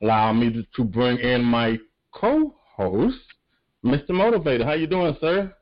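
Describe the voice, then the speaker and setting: Male talk show host, mid pitch, unhurried hype delivery, muffled recording. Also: big pitch swings. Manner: hype-style introductions with long drawn-out lines. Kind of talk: casual talk radio hosting. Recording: dull lo-fi sound.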